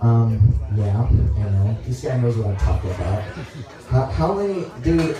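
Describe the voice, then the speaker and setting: A young man from Dallas doing a stand-up comedy set, rambling, halting and crude as he talks to the crowd on a club stage. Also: medium pitch, lively intonation, dull audio, over music. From Dallas, Texas. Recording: echoey room, mic heard from far off.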